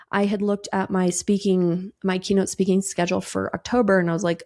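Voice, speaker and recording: A woman's voice: medium pitch, little pitch movement, a little fast, hardly any pauses, darkish tone. A woman in her thirties hosting a casual solo podcast, chatting breezily, swearing casually and acting out quoted conversations. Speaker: podcast host.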